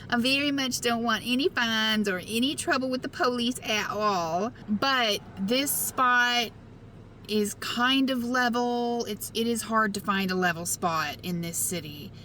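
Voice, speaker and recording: A woman talking casually in a van life vlog, thinking out loud and laughing often as she decides where to go next. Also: mid-range voice, a little hiss or hum. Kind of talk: casual solo vlog chat. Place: inside a parked van or car.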